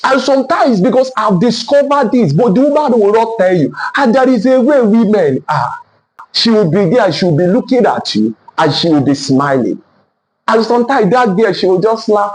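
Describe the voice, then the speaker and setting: A man's voice: high voice, animated, moderate pace, poor audio. A man giving relationship advice in an emphatic, repetitive lecturing manner. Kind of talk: motivational relationship talk.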